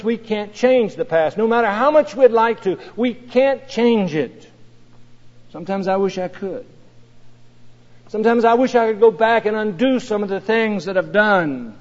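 Male preacher, high voice, emphatic swells on scripture, lo-fi recording. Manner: rising to emphatic peaks on scripture, dropping low and soft for asides. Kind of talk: sermon. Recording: dull lo-fi recording in a reverberant hall.

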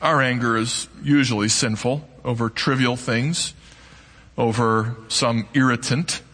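A man preaching a sermon to a congregation, earnest and emphatic, with dramatic pauses. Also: mid-range voice, steady tone, fairly bright tone, long reverb tail. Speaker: pastor. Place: church sanctuary.

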